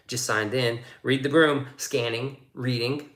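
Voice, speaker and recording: A man's voice: medium pitch, expressive, moderate pace, hardly any pauses, fairly bright tone. A man casually chatting on a livestream, reading viewer comments aloud and joking with plenty of profanity. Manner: loose, joking, profane, reads chat aloud. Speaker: livestream host reading chat. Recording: roomy echoey sound.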